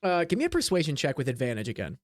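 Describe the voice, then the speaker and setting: A man's voice: a little high, huge pitch swings, very fast, no room sound. A young man running a tabletop game as game master, narrating in a loose, chatty way with frequent restarts.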